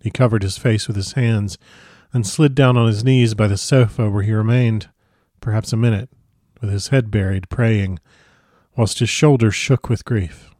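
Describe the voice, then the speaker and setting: A man narrating a classic novel as an audiobook, with a measured, expressive reading. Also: fairly low pitch, no room sound, studio quality.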